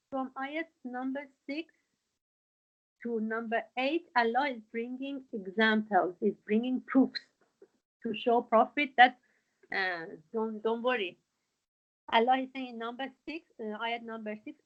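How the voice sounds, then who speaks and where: A woman with a fairly high voice teaching a religious lesson, explaining meanings step by step. She talks hesitantly, with many fillers and restarts. The sound is dull and lo-fi. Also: fairly bright tone. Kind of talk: Quran lesson explaining verses.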